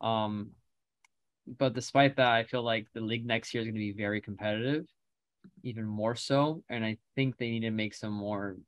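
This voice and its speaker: A man's voice: lowish voice, fairly even intonation, moderate pace, no room sound. Casual man chatting on a dry mic. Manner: rambling, joking, lots of fillers. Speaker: podcast co-host. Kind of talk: casual sports chat.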